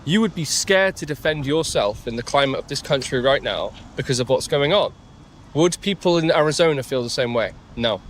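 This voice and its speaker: A man's voice: mid-range voice, animated, a little fast, slight background noise. A man answering questions in a street interview outdoors, hesitant and careful, often restarting his sentences.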